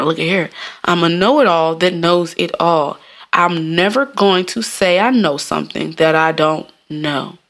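A woman's voice: fairly low pitch, creaky, fairly bright tone. A woman from Jamaica hosting her own podcast, talking in a rambling, casual way and laughing often. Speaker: podcast host. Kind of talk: casual solo podcast monologue.

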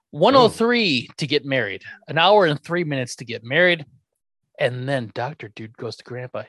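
Animated sarcastic man co-hosting a podcast. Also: mid-range voice, normal speed, no room sound. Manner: animated, sarcastic, swears freely. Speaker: podcast co-host. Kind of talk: casual chat.

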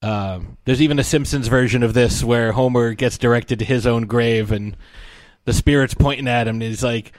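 A man's voice: medium pitch, normal speed, no room sound. Man retelling a movie, dry sound. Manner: animated storytelling with frequent laughs and fillers. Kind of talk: casual movie discussion.

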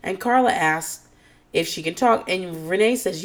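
A woman with a medium-pitched voice at normal speed hosts a podcast, casually recapping reality-show gossip in an animated, profane way. She jumps into squealing mock quotes and calls herself nervous and on edge.

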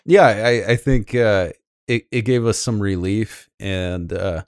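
Low-voiced rambling podcast host. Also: male voice, slow pace, smooth, dry recording, clean studio sound. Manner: rambling, with many fillers and restarts. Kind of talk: casual podcast chat.

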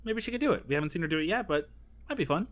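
A man co-hosting a podcast in casual chat, wry, with phrases that trail off softly. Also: a little high, animated, racing. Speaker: podcast co-host.

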